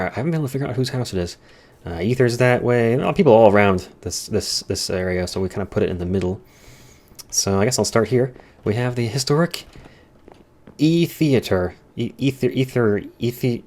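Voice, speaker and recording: A man's voice: lowish voice, expressive, fast talker, a little mellow. A young man rambling casually while touring a Minecraft server, his voice strained and tired. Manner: rambling, chatty, easily sidetracked. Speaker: Minecraft let's-player. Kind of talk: casual rambling gameplay commentary.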